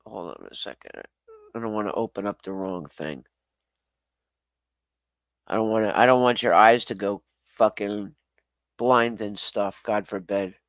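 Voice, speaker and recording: A man's voice: lowish voice, unhurried, pauses often, dry recording. A man hosting a casual livestream, rambling and swearing as he reacts to viewer comments, laughing often and apologizing. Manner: rambling, profane, self-deprecating, laughs often. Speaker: livestream host.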